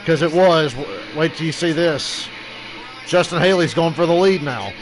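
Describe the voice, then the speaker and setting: A man's voice: a little high, normal speed, music in the background, rough recording. A man giving a casual live reaction to a car race, blunt, profane and grumbling at what he sees.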